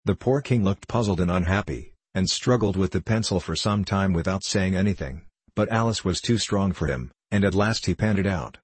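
A man narrating a classic children's storybook in a steady, measured reading. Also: low-pitched, husky, no echo.

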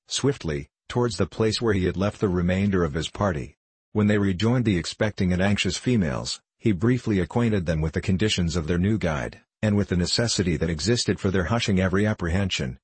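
A man narrating a classic novel in a measured, even reading, recorded close to the mic. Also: low voice, husky, no echo, rough recording. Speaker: audiobook narrator. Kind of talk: scripted narration.

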